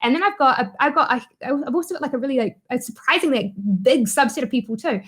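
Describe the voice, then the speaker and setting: A woman's voice: sits high, animated, quick pace, slightly rough. A woman from New Zealand with a New Zealand accent, chatting as a guest in an interview, with many fillers and frequent laughs. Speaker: guest, YouTuber. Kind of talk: casual interview chat.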